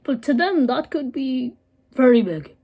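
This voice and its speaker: Teen girl ranting on her vlog, swears loads, kinda high but mellow voice. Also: expressive, a little slow, breathy edge. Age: late teens. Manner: heated, blunt, swears often. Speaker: vlogger. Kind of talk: angry profane rant.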